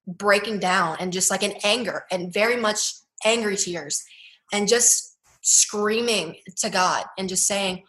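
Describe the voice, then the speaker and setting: Young adult woman guest, earnest and halting, filler-heavy, recorded in an echoey room. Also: medium pitch, sharp tone. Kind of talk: personal testimony interview.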